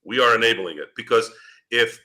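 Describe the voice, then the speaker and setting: Bright-voiced man ranting profanely. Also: medium pitch, a little fast. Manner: profane, ranting, rhetorical questions. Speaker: podcast host. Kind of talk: postgame fan rant.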